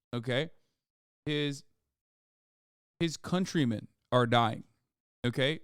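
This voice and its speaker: A man's voice: mid-range voice, fairly even intonation, moderate pace, long pauses, smooth, no room sound, clean studio sound. A man streaming live, reading news aloud and reacting with profane, exasperated rants.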